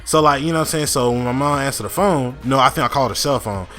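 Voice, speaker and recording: Young man, casual storytime, rambling, lots of fillers, swears, mid-pitched voice, faint music behind. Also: quick pace, a bit bright. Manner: rambling, many fillers and restarts, frequent profanity. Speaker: gaming channel host. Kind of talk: casual storytime over gameplay.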